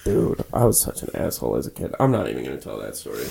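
A gravelly man with a lowish voice, ribbing his friend on a home podcast. His tone is dark and mellow, sarcastic and loose in casual chat. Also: big pitch swings, fast. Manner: sarcastic, teasing, swears. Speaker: podcast co-host. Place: spare room at home.

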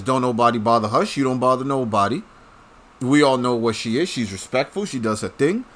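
A man's voice: mid-range voice, lively intonation, normal speed, fairly bright tone. A man talking straight to his audience in a casual, blunt and profane rant, full of strong opinions. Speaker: commentator. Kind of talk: casual ranting monologue.

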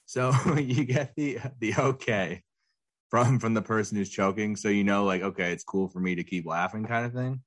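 Lowish guy podcast co-host, giggly, rambly casual chat. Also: normal speed. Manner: laughs often, rambling with restarts.

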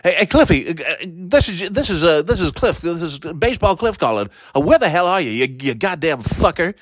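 A man's voice: on the high side, very animated, a little fast, a little hiss or hum. A man playing a crude, bitter old uncle who used to announce baseball. He rambles, stammers and curses in an improvised comic monologue. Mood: angry.

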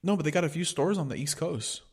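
A man's voice: on the high side, animated, fast talker, crowd noise. A young man, co-hosting a podcast in casual chat and telling stories in a laid-back, profane way. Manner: laid-back, profane storytelling, says "dude" a lot. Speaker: podcast co-host.

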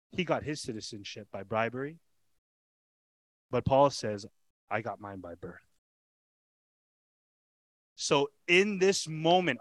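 A pastor preaching with animated storytelling, firing off rhetorical questions and repeating his points for weight. His voice sits at an ordinary man's pitch. The sound is dry and close, with no room echo. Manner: repeats lines for emphasis. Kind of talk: expository sermon.

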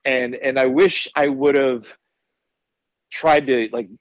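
A man's voice: medium pitch, slow, no room sound, rough recording. A man guesting on a podcast, telling candid, profane stories in a casual way. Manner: candid, profane, animated storyteller. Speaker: wrestler guest. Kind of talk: casual storytelling.

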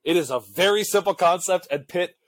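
A man's voice: sits high, brisk. A young man, a college student, co-hosting a casual chat and telling a rambling story full of "like" and filler words. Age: young adult. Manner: rambling, heavy use of filler "like". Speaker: podcast co-host; college student section leader.

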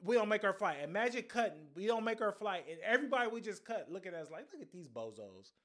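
A man's voice: sits high, fast, fairly bright tone. A young man hosting a solo podcast, telling an embarrassing story in a casual, profane, slangy way. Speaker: podcast host.

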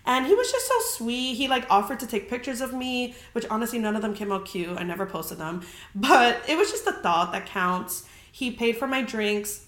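A young adult woman with a slightly high, animated, somewhat bright voice narrates a story at a moderate pace on her podcast. She chats casually, says "like" constantly, and swears freely, with echo from the room around her.

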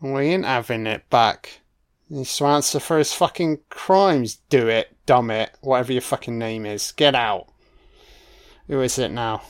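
Guy doing a film reaction track, slow unhurried delivery, swears a lot, yells at the screen. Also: medium pitch, smooth. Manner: profane, talking back at the screen. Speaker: film commentator. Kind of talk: live reaction commentary over a film.

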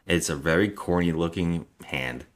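A man's voice: low-pitched, moderate pace. A man co-hosting a podcast, chatting casually and jokingly about a film. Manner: rambling, jokey, acts out scenes. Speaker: podcast co-host. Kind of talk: casual chat reviewing a film.

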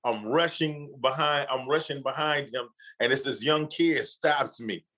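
A man's voice: medium pitch, unhurried, low-quality recording. A man guest in a casual interview, telling a story in loose, profane street slang and acting out the people he quotes. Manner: animated storyteller, acts out quotes with laughs.

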